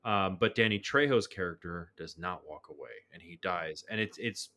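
A man co-hosting a film podcast, talking in a lively, animated way and often restarting his sentences. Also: deep voice. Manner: animated, frequent restarts and quick laughs. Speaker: podcast co-host. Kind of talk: casual film discussion.

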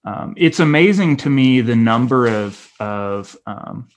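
A man's voice: mid-range voice, lively intonation. A male pastor giving a conference talk, candid and personal, with frequent fillers and restarts. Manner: halting, many fillers and restarts.

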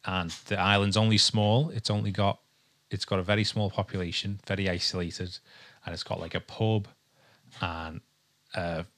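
A man's voice: low-pitched, flat delivery, normal speed, a bit bright. A young man from England co-hosting a podcast in casual chat, rambling and hesitant with lots of ums. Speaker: podcast co-host.

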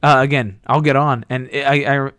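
A man in his twenties chatting casually, telling rambling profane stories and jumping into high squeaky impressions. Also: fairly even intonation, normal speed, a bit bright, clear, resonant tone, no echo, studio quality. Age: 20s. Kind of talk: casual chat.

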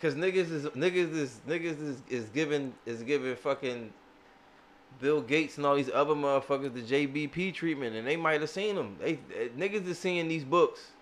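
Animated, profane man riffing on a podcast. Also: fairly high pitch, moderate pace. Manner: profane, animated, riffing, says "dog" often. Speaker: podcast co-host. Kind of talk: casual chat.

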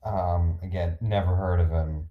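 A man's voice: low voice, steady tone, unhurried, phone-quality sound. A man co-hosting a casual sports podcast, dry and wry, hesitant with fillers. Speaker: podcast co-host.

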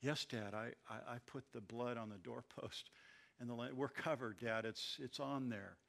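A man voicing a grown son who answers his father quietly and hesitantly to reassure him. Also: mid-range voice, fairly even intonation, normal speed, gravelly. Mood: reassuring.

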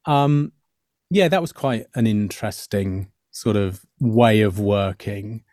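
A man's voice: fairly low pitch, slow pace, a little mellow, no room sound, clean studio sound. A middle-aged man, an actor guest on a podcast, explaining his craft thoughtfully with many fillers and restarts. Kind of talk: podcast interview.

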